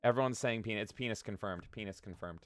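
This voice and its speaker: A man's voice: lowish voice, fast talker. A man co-hosting a casual gaming podcast, joking crudely and reading chat messages aloud. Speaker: podcast co-host.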